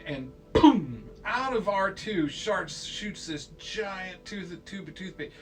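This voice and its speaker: A man's voice: sits high, slow, bright, forceful tone. A man telling a child an improvised bedtime story, playful and rambling, with silly sound effects. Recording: distant mic with faint music.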